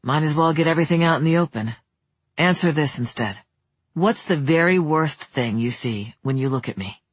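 An audiobook narrator voicing an earnest young man who talks quietly and haltingly, running himself down. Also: medium pitch, lively intonation, slightly rough, no echo. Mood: tense. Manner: quiet, halting, self-deprecating. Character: earnest, self-doubting young man in love.

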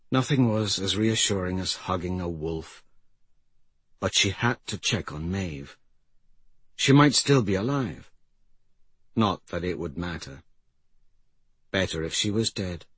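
A man narrating a fantasy story in a measured, grave manner. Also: low voice, fairly bright tone, slightly rough, no room sound. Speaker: audiobook narrator.

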